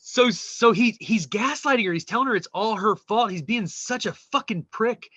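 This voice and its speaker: A man co-hosting a podcast, casually retelling a show and reading memes aloud, animated and swearing freely. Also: high-pitched, normal speed, no echo, lo-fi sound. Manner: animated, swearing, mimics quoted people. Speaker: podcast co-host.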